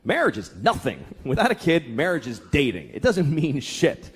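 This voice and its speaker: A man's voice: a little high, huge pitch swings, normal speed, breathy edge. A man in his thirties doing a stand-up set, exasperated and profane, dropping into mocking voices. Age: 30s. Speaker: stand-up comedian. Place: comedy club stage. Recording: live club recording with loud crowd laughter and noise.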